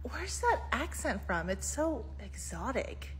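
A woman's voice: on the high side, sing-song, slow, slight background noise. A woman playing a perky, condescending middle-aged American mom who talks down to her guest. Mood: patronizing. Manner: bubbly, patronizing.

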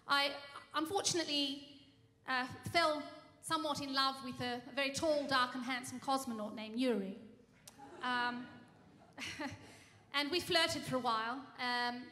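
Cabaret chanteuse, female. Mock-earnest patter full of ums, high and bright, recorded live in a roomy echoing venue. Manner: rambling, full of ums and restarts; mock-earnest tall tale. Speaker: cabaret singer and bandleader. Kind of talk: comic stage monologue. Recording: reverberant live room.

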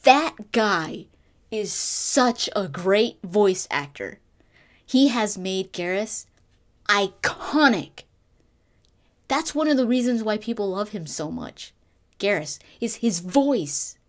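A woman talking casually as a gaming vlogger, gushing and excitable, with frequent restarts and fillers. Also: mid-range voice, slow. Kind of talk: casual fan commentary.

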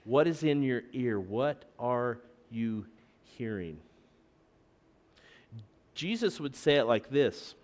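A man's voice: mid-range voice, lively intonation, slow pace, long pauses, a little mellow, in a large hall. A middle-aged man preaching a sermon as pastor, with joking asides to the congregation. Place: church sanctuary.

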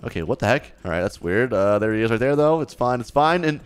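A young man giving excitable, teasing let's-play commentary as a gaming YouTuber. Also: mid-range voice, smooth. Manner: excitable, hyped, teasing, quick exclamations.

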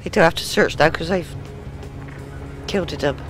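A British woman gives excitable let's play commentary over game music, swearing and shrieking at the action. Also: low-pitched, moderate pace. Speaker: gamer.

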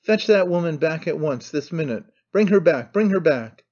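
A domineering aging noblewoman, put on by a male audiobook reader, all scolding commands and sharp outbursts. The voice sits a little high and comes through a dull, lo-fi recording. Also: animated, normal speed. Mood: frantic.

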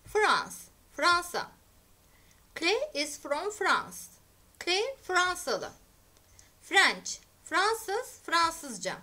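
Slow, bright-voiced woman teacher. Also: very high voice, wildly swooping pitch. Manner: clear, deliberate, repeating each word for learners. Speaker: English teacher. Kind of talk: slow vocabulary drill, English word then Turkish meaning.

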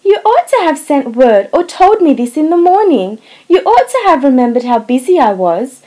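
A woman reading an audiobook, voicing a flustered young wife who pleads and protests in a high, distressed voice. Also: big pitch swings, unhurried, warm tone. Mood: indignant. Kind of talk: audiobook character voice.

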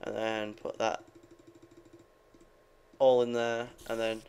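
A man's voice: lowish voice, level tone, takes it slowly, darkish tone, clear, resonant tone. A young man giving rambling, casual commentary while playing a game, swearing freely and talking to his viewers. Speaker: gaming video creator.

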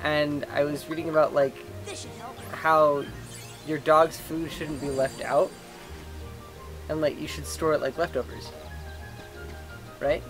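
Rambling young man, slightly high voice. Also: level tone, slow pace, long pauses, faint music behind. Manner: rambling, joking, chuckling. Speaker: let's play gamer. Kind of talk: casual gaming chat.

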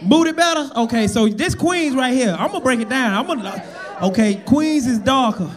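A Southern man works the room as a stand-up comedian, brash and profane as he roasts people in the audience. His voice sits very high and swings wide. He's on a handheld mic on a club stage, with a loud crowd laughing and noisy around him. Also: lively intonation, moderate pace.

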